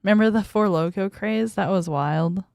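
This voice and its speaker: A woman's voice: mid-range voice, moderate pace, vocal fry, darkish tone, no echo, studio quality. A young woman streaming as a VTuber, chatting casually with her viewers in a giggly, bratty way and squealing when they tease her. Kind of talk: casual livestream chat reading viewer messages.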